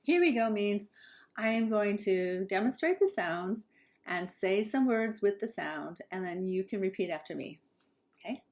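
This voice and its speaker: Woman, Southern Californian accent, English pronunciation teacher, unhurried and careful, demonstrates sounds for learners to repeat. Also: medium pitch, animated, a little mellow. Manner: slow, careful, models sounds for repetition. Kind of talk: pronunciation lesson.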